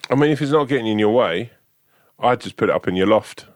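A man's voice: lowish voice, lively intonation, fast, no echo. A man co-hosting a podcast, telling long, jokey, rambling stories and swearing casually. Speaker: podcast co-host. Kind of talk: casual chat.

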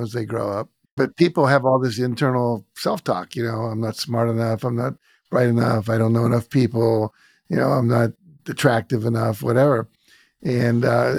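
Podcast host telling stories, dry sound. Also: male voice, mid-range voice, vocal fry, no echo. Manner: storytelling, reflective. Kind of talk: casual interview chat.

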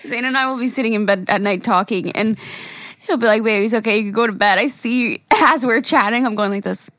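A woman's voice: a little high, brisk, fairly bright tone, no room sound. A woman co-hosting a podcast in casual chat, laughing often and swearing casually. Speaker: podcast co-host.

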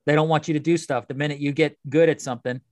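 A man with a fairly high voice chats and gripes on a casual podcast, often stumbling and repeating words as he goes. The sound is dry and close to the mic. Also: steady tone, rapid-fire, darkish tone, no room sound. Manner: chatty, griping, repeats words. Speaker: podcast co-host.

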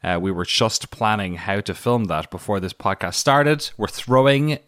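A man's voice: fairly low pitch, animated, moderate pace, a bit bright, no room sound, studio quality. An Irish man co-hosting a podcast in casual, rambling chat with many fillers and self-deprecating asides. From Ireland. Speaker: podcast co-host.

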